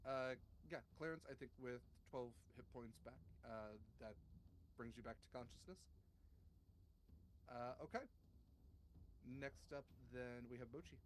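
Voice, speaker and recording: A man's voice: mid-range voice, measured pace, pauses often, a little hiss or hum. A man narrating and making rulings as game master of a tabletop game, in an easygoing way.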